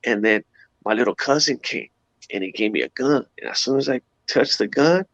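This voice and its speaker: A man, an interview guest, giving a personal testimony in an animated, slangy storytelling way, acting out sounds as he goes. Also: mid-range voice, moderate pace, dry recording. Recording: dull lo-fi dry sound.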